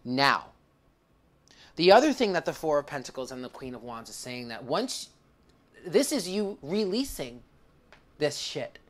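A woman giving a tarot reading to viewers, emotional and close to tears, calling the listener honey and swearing freely. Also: low-pitched. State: tearful. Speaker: tarot reader.

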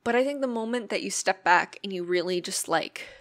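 An earnest young woman talks through her thoughts on her own podcast. She sounds reflective and unhurried, with a loose conversational flow full of little fillers. Her pitch sits in an ordinary middle range. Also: fairly bright tone. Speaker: podcast host. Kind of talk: casual solo podcast talk.

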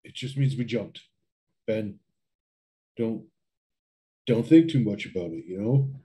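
A man's voice: fairly low pitch, unhurried, mellow, close to an everyday voice, poor audio. A man voicing a rattled teenage boy in a tabletop game, stammering as he tries to reassure a friend. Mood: anxious. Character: rattled teenage boy trying to stay calm.

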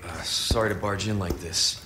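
An actor playing a wary young male agent in a video game, speaking quietly and muttering under his breath. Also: sits low, fairly even intonation, normal speed, slight background noise.

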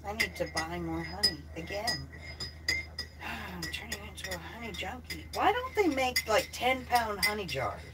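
A woman's voice: mid-range voice, very animated, unhurried, very noisy. A woman talking on her own livestream, blunt and heavily profane. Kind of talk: casual livestream talk.

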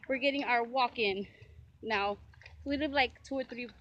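A woman's voice: fairly high pitch, moderate pace, dull audio. A woman filming a casual family vlog at a park, chatting with her kids and laughing often as she narrates. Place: outdoors at a park and walking home. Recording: noisy outdoor camera recording. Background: outdoor ambience.

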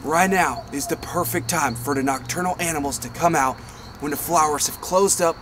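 A man playing an overblown wildlife explorer in a comedic mock nature documentary, talking with excitable bravado outdoors in the brush. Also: a little high, moderate pace, noisy background. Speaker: spoof wildlife explorer host.

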